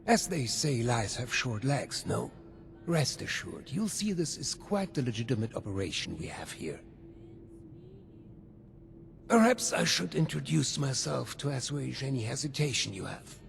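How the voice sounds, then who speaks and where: An actor playing a smooth, scheming old male ghoul overseer in a video game, with a German accent and a gravelly, breathy half-whisper. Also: medium pitch, very animated, unhurried, soft background music, exaggerated voice. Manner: silky, theatrical, faintly menacing.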